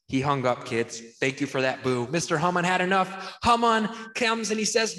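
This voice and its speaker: A man's voice: sits high, moderate pace, few pauses, pushed and bright, big-room sound. A man hosting a children's show as a rabbi, bouncy and exuberant, whooping and singing along with the kids.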